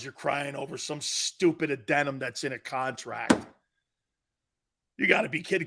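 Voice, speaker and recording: Animated man ranting on sports talk. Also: on the high side. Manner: loud, animated, bantering rants. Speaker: sports talk show host.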